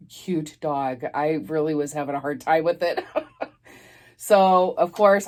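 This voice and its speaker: A woman telling a personal story in a casual storytime vlog, rambling with many fillers and restarts and laughing as she talks. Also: low-pitched.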